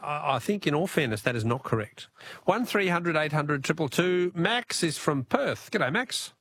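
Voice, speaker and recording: A man's voice: a little high, expressive, moderate pace, a bit bright, slightly rough, no echo. An Australian man hosting a radio talkback quiz in a chatty, jokey way, chuckling at himself between callers.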